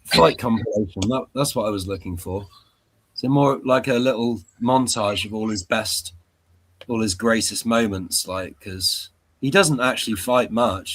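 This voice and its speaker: A man's voice: on the low side, a bit bright, slight background noise. A man chatting on a stream, thoughtful and repeating words as he works out his point. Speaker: stream guest. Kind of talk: casual chat.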